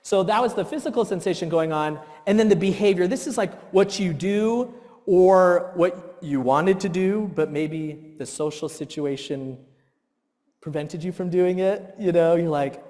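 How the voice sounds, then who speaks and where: A man in his thirties giving a workshop talk, telling stories with animated acted-out outbursts. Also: sits high, unhurried. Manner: animated storytelling, acts out his own outbursts. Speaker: workshop presenter. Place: church hall. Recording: long reverb in a hall.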